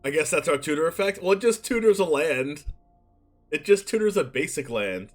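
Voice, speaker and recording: A man streaming casually as he builds a card-game deck, reading card text aloud and thinking out loud in a chatty way. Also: on the high side, lively intonation, moderate pace, faint music behind. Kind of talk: casual live-stream commentary.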